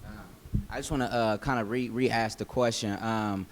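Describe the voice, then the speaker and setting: A man on a discussion panel asking questions, pausing often with fillers. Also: fairly low pitch, fairly even intonation, a little hiss or hum. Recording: long hall reverb.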